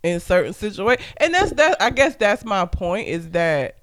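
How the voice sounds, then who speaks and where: A woman's voice: mid-range voice, sing-song, a little slow. A young woman co-hosting a casual chat, candid and laughing often as she tells stories. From Southern United States. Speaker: podcast co-host.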